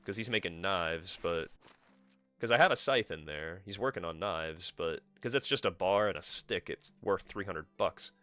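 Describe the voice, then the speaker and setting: A man streams a game with casual, self-directed commentary and plenty of swearing. His voice sits low but sounds bright and forceful. Soft game music runs underneath. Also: expressive, moderate pace. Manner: swears freely, talks to himself. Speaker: live streamer.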